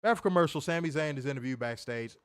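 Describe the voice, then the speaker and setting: A fast-talking co-host on a wrestling podcast speaks in a smooth, slightly high voice. His casual, profane commentary comes with animated delivery, mimicked voices, frequent swearing, and loud laughter.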